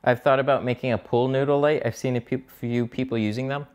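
A mobile window tint installer with a mid-range, steady, slightly mellow voice talks fast on a live stream as he works. He's casual and chatty, swears a bit, and gets distracted hunting for his tools.

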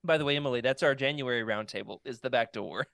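A man's voice: mid-range voice, fast talker, creaky, fairly bright tone, no room sound. Male podcast host, loose and rambling, with a dry, close sound. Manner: rambling, playful, trails off with fillers. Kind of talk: casual podcast chat.

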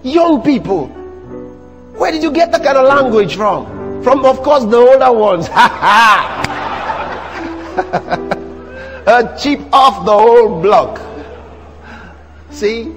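A man with a Nigerian accent preaching a sermon in church, animated and teasing the congregation. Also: very high-pitched, slow pace, pauses often, big-room sound. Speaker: pastor. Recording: music playing behind the sermon.

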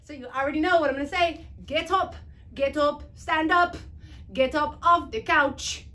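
A young woman leading an energetic children's Bible lesson to camera, moving about as she talks, singing and shouting with bubbly, exaggerated enthusiasm. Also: high voice, normal speed. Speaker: children's ministry teacher.

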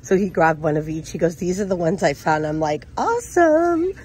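A woman's voice: deep voice, steady tone, a little fast, a little mellow, a little hiss or hum. A middle-aged woman vlogging a shopping trip, gushing with gasps and squeals of delight. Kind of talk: shop-with-me vlog. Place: inside a store.

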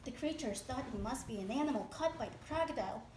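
A woman, a mother, reading a children's storybook aloud at home with animated, expressive delivery. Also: high-pitched, quick pace, slight background noise. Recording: echoey room.

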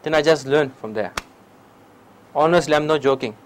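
A meditation teacher's slightly high voice comes through poor audio with slight background noise as he speaks at a moderate pace. Giving a public dharma talk with questions in a lecture hall, he uses broken English with a Tibetan accent, tells lively stories and often adds "okay?"

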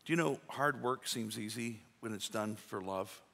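A man's voice: lowish voice, moderate pace, gravelly, bright, forceful tone. A male pastor preaching a sermon in a folksy, conversational way, acting out little quotes. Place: church sanctuary. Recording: reverberant church sanctuary.

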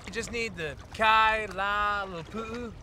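Chill surf instructor, high voice, lotta noise from the water. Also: male voice, steady tone, a little slow. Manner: laid-back surfer slang. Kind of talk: improvised film outtake.

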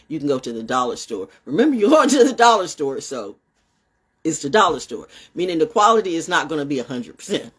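Brief: woman vlogger, rambling talk to camera, lively pitch swings, a little husky, swears freely. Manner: animated, swings from high exclamations to low muttering. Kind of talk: casual rambling monologue to camera.

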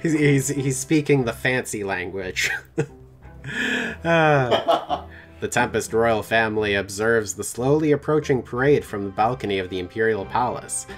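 Soft music plays behind a man whose voice is on the low side as he reads a text game's story aloud. Between passages he jokes around casually, playful and laughing easily.

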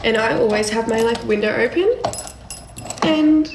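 A scared young woman with a fairly high voice talks into her phone on a live stream, breathless, jittery and near tears. She keeps slipping into hushed whispers and swears a lot. The room echoes, and steady background noise sits under her voice. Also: normal speed. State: frightened, on the verge of tears. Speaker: livestreamer. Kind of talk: casual livestream chat. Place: her home at night.

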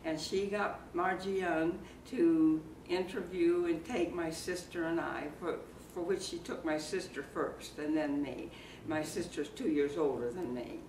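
A woman in her eighties from Iowa, reminiscing slowly and haltingly in an oral history interview held in a library community room. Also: low-pitched, fairly even intonation, a little mellow. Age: 80s. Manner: slow, halting reminiscing with fillers. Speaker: interviewee, former circus performer. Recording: roomy, distant mic, faint background noise.

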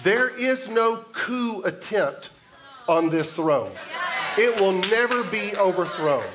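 A man preaching a sermon as pastor, in a measured way, building emphasis through repetition. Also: high voice, lively intonation, noisy background. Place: church sanctuary.

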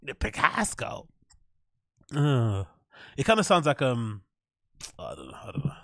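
A man's voice: medium pitch, wildly swooping pitch, normal speed, dry recording, studio quality. A man hosting a reaction video, laughing often and gleefully repeating mispronounced names. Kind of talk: reaction commentary.

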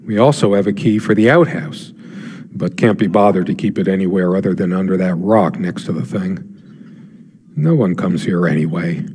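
An actor playing a brooding middle-aged husband, speaking a quiet, reflective inner monologue in a video game. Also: male voice, deep voice, moderate pace, slightly rough, in a large hall.

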